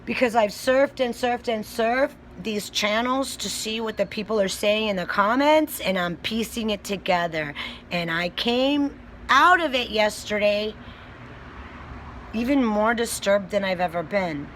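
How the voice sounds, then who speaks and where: A woman's voice: mid-range voice, unhurried, a bit bright, slight background noise, poor audio. A woman vlogger and self-described child advocate giving a blunt, profane, angry rant straight to her viewers. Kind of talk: ranting video commentary.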